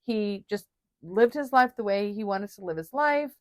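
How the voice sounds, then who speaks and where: A woman in mid pitch talks eagerly in a relaxed film chat and slips into the characters as she retells scenes. Her voice is close and dry, with no room sound around it. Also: normal speed, no room sound. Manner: chatty, enthusiastic, acts out film scenes. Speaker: podcast co-host. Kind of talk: casual film discussion.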